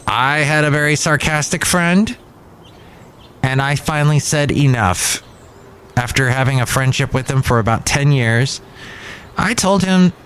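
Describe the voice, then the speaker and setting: A man's voice: mid-range voice, slight background noise. A man in his fifties hosting a podcast in a rambling, conversational manner, with frequent restarts. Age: 50s. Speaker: podcast host. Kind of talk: casual chat. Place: cafe.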